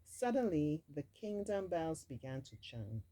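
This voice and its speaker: A woman's voice: low-pitched, sing-song, a little slow, mellow, poor audio. A woman reading a storybook aloud expressively, dropping in casual asides of her own. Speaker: storybook reader.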